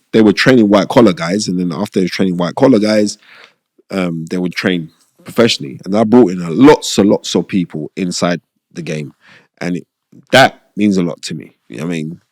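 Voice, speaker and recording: A middle-aged man, telling stories in an interview, animated and slangy, repeating his phrases. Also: low voice, dry recording, clean studio sound. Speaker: boxing pundit and former boxer. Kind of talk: casual storytelling interview.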